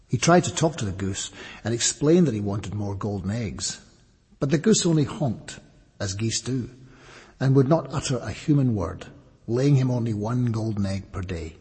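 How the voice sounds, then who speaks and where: Narrator, male, very breathy husky voice, measured fable telling, long hall reverb. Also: fairly low pitch, lively intonation, a little mellow. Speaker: storyteller.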